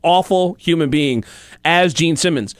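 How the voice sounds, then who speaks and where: A male comedian spins anecdotes in an animated, fast-moving way. His voice sits a little high and the sound is dry and close. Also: no echo. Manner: animated, quick storytelling. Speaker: comedian and impressionist guest. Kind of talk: casual storytelling.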